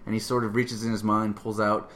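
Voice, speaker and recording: A man's voice: on the low side, little pitch movement, fairly quick, a bit bright, a little hiss or hum. A man chatting casually about a film, rambling and restarting his sentences.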